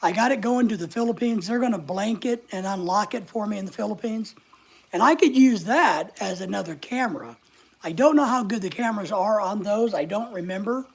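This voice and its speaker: Chatty woman with a gravelly, husky voice. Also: medium pitch, fairly quick. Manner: rambling, chatty, reads out viewer comments. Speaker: live-stream host. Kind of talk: casual live-stream chat.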